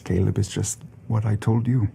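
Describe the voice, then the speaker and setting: A man playing a wizard in a tabletop game, talking in character in a halting, hesitant way with many restarts. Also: on the low side, steady tone, gravelly, warm tone, a little hiss or hum. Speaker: player voicing a wizard character. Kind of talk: in-character tabletop role-play.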